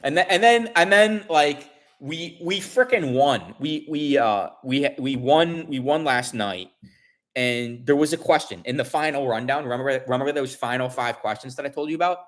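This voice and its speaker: A man in his forties chatting casually to his livestream viewers, rambling, restarting often and telling an animated story. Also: mid-range voice, moderate pace. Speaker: livestream host.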